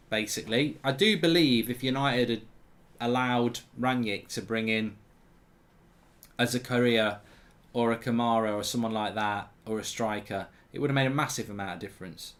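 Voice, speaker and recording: A man's voice: mid-range voice, moderate pace, a bit bright. A man hosting a live football watchalong, chatting and answering viewer questions. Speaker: host.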